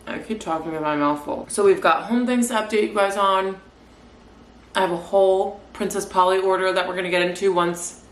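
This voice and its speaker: A woman in her twenties chatting casually in a home vlog, upbeat and full of "like" fillers. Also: fairly low pitch. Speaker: lifestyle vlogger. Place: apartment at home. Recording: echoey room, faint background noise.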